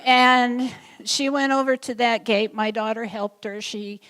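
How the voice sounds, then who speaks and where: A woman's voice: fairly high pitch, steady tone, a little slow, fairly bright tone, clear, resonant tone. A woman who raised a guide dog puppy, telling amused anecdotes about it at a graduation. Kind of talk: storytelling speech. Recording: reverberant hall.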